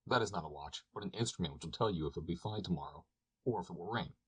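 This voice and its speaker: A man's voice: sits low, rapid-fire, slightly rough. A man voicing a shrewd, chatty traveling peddler. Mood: matter-of-fact. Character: wandering male peddler, shrewd and talkative.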